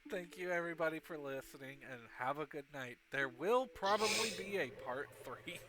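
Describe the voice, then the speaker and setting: A man narrating as game master of a tabletop game, easygoing and quick to laugh, often restarting his sentences. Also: a little high, sharp tone, rough recording. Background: music.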